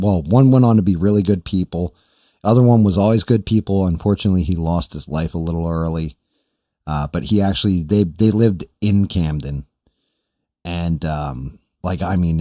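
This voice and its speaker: A man's voice: low-pitched, warm tone, dry recording, clean studio sound. A man hosting a podcast, telling a long profane story in a loose, rambling way with quoted voices. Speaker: podcast host. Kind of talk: casual storytelling chat.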